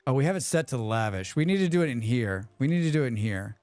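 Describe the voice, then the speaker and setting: A man hosting a live game stream, chatting quickly with viewers and thinking aloud as he plays. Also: mid-range voice, lively intonation, a little mellow, no echo. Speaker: livestream game host. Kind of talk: casual live gameplay commentary.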